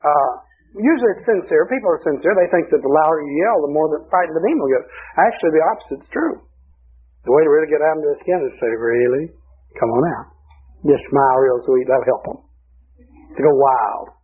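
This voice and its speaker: A man's voice: fairly high pitch, lively intonation, fast, slightly rough, phone-quality sound. A male preacher delivering a sermon through folksy, humorous storytelling.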